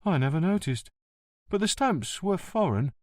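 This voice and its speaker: A man's voice: sits high, very animated, normal speed, darkish tone, no room sound, studio quality, pitched above the performer's own voice. Man doing an eager, chatty postman. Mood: helpful.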